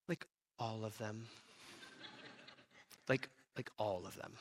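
A man voicing Noah, a heartbroken, gentle patriarch who answers his wife softly and patiently. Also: fairly low pitch, takes it slowly. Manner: soft, patient, reassuring.

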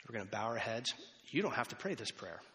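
A man's voice: medium pitch, big pitch swings, quick pace, pushed and bright. A man preaching a sermon as a pastor in a church, talking conversationally with rambling asides and restarts. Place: church sanctuary. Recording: long hall reverb.

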